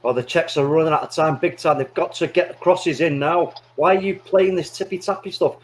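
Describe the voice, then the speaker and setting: A man's voice: on the high side, a little fast, slight background noise. A man chatting casually and crudely during a live football watchalong, urging the players on and joking.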